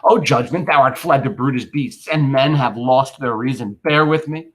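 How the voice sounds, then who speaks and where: A man reading Mark Antony's funeral speech aloud in class, delivering a grieving, cunning Roman orator's lines with measured, rhetorical drama. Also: mid-range voice, natural voice. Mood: sorrowful.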